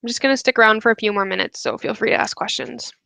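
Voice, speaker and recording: Young woman chatting on a webinar, lots of likes and ums, a bit of vocal fry, dry sound. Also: fairly high pitch, fast, pushed and bright, dry recording, rough recording. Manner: chatty, many fillers like "like". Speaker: webinar host. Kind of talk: casual coaching talk.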